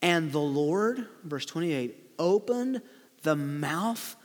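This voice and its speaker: A man reading and explaining a Bible story to children, with animated storytelling and light chuckles. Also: on the high side, slow pace, big-room sound. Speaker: preacher teaching children. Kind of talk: Bible lesson for kids, read-aloud with commentary.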